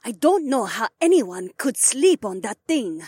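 A man's voice: very high-pitched, sing-song, unhurried, darkish tone, husky, dry recording, clean studio sound, pitched above the performer's own voice, exaggerated voice. A man doing a grumbling, blunt young woman.

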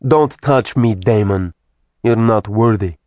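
A haughty, disdainful demon, as a male reader acts him out, drawling slowly and coldly in a low voice. Every word drips contempt. The sound is dry and close-miked. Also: darkish tone, no echo.

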